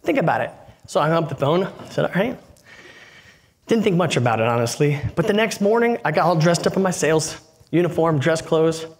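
A man on stage tells a story from his own life in a relaxed, conversational way, and slips into the voices of the people in it as he goes. His voice sits a little high for a man. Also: fairly quick. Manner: conversational, acts out dialogue in anecdotes. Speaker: keynote speaker. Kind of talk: storytelling keynote talk.

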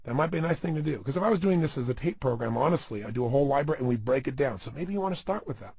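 A man's voice: mid-range voice, expressive, racing, darkish tone, husky, no room sound. A middle-aged man giving an emphatic self-help audio talk as a motivational speaker, firing rhetorical questions at the listener.

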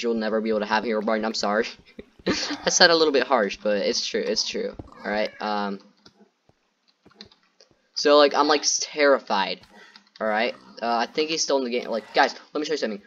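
A man's voice: mid-range voice, fairly bright tone, muffled recording. A man doing gameplay commentary who rambles nervously, repeats himself and keeps talking to his viewers. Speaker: gaming YouTuber.

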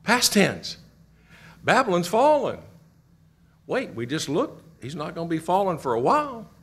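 A middle-aged man from Kentucky teaching a church Bible class, asking the class questions and repeating their answers with animated emphasis. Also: a little high, moderate pace, husky.

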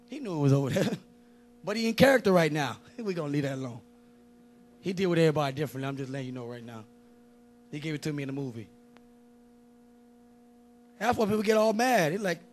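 A man preaching a lively sermon in a joking, conversational street style. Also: sits high, fast, pauses often.

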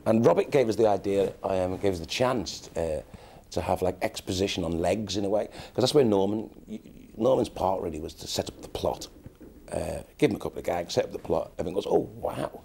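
A man in an interview, a writer explaining a character in a hesitant, halting way. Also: sits low, animated, vocal fry, darkish tone, a little hiss or hum.

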